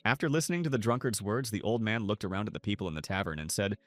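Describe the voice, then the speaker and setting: A man narrating a scripted story recap in a steady storytelling manner. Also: fairly low pitch, fast, hardly any pauses, no echo. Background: soft music.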